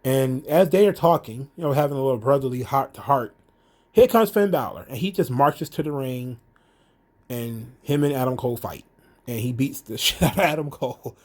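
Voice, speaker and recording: A man's voice: mid-range voice, moderate pace. Rambling man recapping a show. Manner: rambling, many fillers and restarts, animated retelling. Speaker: wrestling show commentator. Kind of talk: casual recap commentary.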